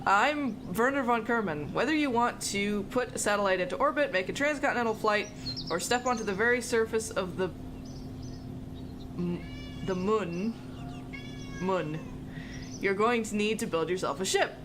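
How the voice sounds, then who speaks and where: A woman's voice: mid-range voice, moderate pace, long pauses, noisy background, natural voice. A woman reading as a boastful rocket scientist. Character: pompous male rocket scientist tutor. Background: game music.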